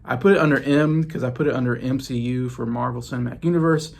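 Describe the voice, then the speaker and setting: This YouTube host, in his late thirties, talks fast in a mid-range, steady voice that's creaky and darkish. Filming a casual vlog in his home basement, he wanders from topic to topic while showing off his movie collection.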